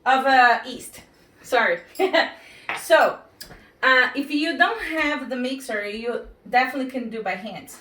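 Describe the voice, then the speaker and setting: A woman with a non-native accent shows how to bake at home, speaking haltingly with many fillers and apologies. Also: high voice, fairly bright tone, a little hiss or hum. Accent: non-native English. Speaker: home baking instructor. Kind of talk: casual cooking demonstration. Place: home kitchen. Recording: echoey kitchen, mic far off.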